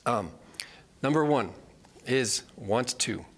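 A man's voice: mid-range voice, animated, slow. A man teaching a live Bible study, earnest and repeating key phrases for emphasis.

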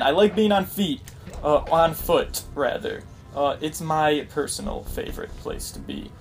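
A man's voice: fairly high pitch, expressive, normal speed. A young man doing let's play commentary, frustrated and swearing often, with exasperated outbursts. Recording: loud game music behind voice.

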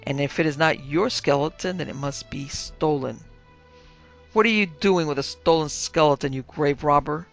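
A woman's voice: low voice, moderate pace, gravelly, soft background music. A woman voicing a big, suspicious traffic cop who growls and blusters. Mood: accusing.

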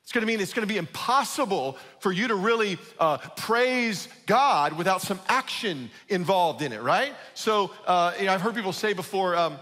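High, bright-voiced man preaching. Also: animated, moderate pace, hardly any pauses, in a large hall. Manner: conversational, emphatic, asks "right?". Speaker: pastor. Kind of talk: sermon.

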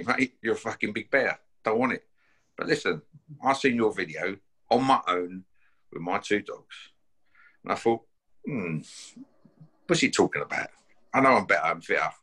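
A fiery man throwing down a fight challenge, his voice pitched low yet cutting and forceful. He talks bluntly, swears freely and keeps jabbing in "yeah?" and "mate". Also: expressive, moderate pace, long pauses, slightly rough. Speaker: bare-knuckle fighter issuing a challenge. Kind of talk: confrontational call-out to camera.

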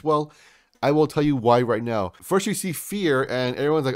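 A man's voice: mid-range voice, expressive, normal speed, a little mellow, no echo, clean studio sound. A man hosting a crypto channel, giving hyped market commentary in a salesy way and calling his viewers folks.

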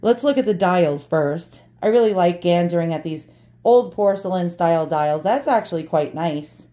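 A woman's voice: on the low side, expressive, normal speed, warm tone. Profane joking woman unboxing. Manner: brash, profane, joking, talks to viewers. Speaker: vlogger unboxing antiques. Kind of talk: casual unboxing chat.

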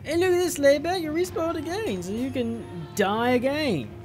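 A gamer giving profane, exasperated running commentary over a horror game and yelling at the screen in bursts. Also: sits high, moderate pace, faint music behind. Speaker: let's play gamer. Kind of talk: live gameplay commentary.

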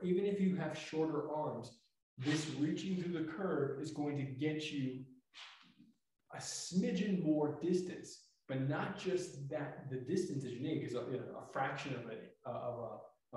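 A man teaching tai chi, explaining calmly with fillers as he demonstrates each movement. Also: fairly high pitch. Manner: talks while moving through the exercise, relaxed and explanatory, with many fillers. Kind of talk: instructional demonstration. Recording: echoey room, mic far off.

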